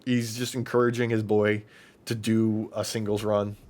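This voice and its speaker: A man co-hosting a podcast in casual chat, excitedly recapping wrestling matches and swearing freely. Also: lowish voice, normal speed. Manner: excitable, profane, recaps matches with acted-out quotes. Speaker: podcast co-host.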